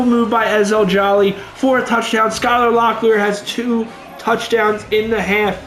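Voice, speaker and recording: A young man giving let's play commentary over a football video game, muttering low between plays and yelling when big plays happen. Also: little pitch movement, a little slow, hardly any pauses, roomy sound, a little hiss or hum. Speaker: gaming YouTuber.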